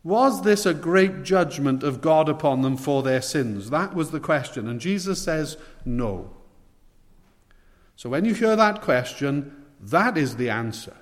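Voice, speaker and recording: A man preaching a sermon, earnest and pleading, with slow emphatic stresses. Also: on the high side, animated. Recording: long hall reverb.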